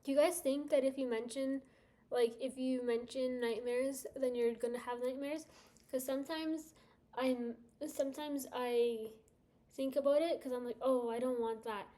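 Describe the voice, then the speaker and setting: Woman, livestreamer, casual chat, rambling, laughs a lot, fairly high voice. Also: steady tone, normal speed, dark tone. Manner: chatty, rambling, laughs often.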